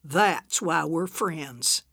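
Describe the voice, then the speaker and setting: A woman playing a prim old lady with a slightly lower, composed voice and unhurried, deadpan put-downs. The delivery is slow and dry, recorded close. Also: gravelly, slightly rough, dry recording, heavily acted. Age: 70s.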